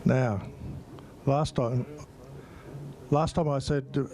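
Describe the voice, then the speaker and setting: A man's voice: a little high, fairly even intonation, moderate pace, dark tone, a little hiss or hum. A man chairing a meeting's question session, talking in a chatty, hesitant way with many fillers. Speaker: support group meeting chair. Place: meeting room.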